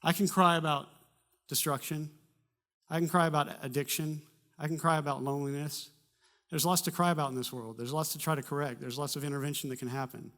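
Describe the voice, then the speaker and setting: A pastor with a fairly high male voice speaks briskly in a church sermon. He tells a personal story in a conversational way, adding humor and bursts of animation.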